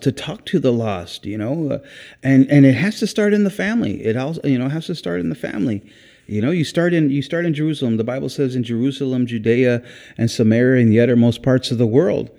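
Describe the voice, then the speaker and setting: Mellow-voiced earnest man preaching. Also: medium pitch. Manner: rambling and earnest, repeats words, exclaims "praise God". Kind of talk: informal sermon.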